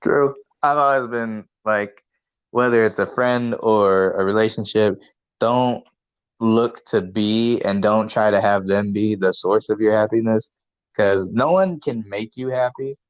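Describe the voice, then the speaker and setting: A man's voice: lowish voice, measured pace, clean tone, dry recording. Male co-host, laid-back and rambling, casual swearing, muffled dry sound. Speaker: podcast co-host. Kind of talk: casual chat.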